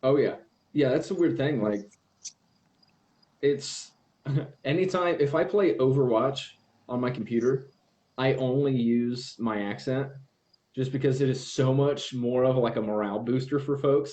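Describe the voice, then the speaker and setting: A young man in casual chat as a podcast guest, telling animated stories and acting out the voices he quotes. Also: mid-range voice, unhurried.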